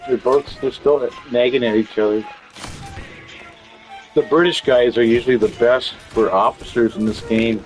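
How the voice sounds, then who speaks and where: A man talks over his gaming session in an unhurried, rambling way. His voice sits at an everyday middle pitch, and he curses freely, piling on fillers and false starts as he goes. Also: steady tone, soft background music, low-quality recording. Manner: rambling, swears often, frequent fillers and restarts. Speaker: gaming channel host. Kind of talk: casual chat while playing a game.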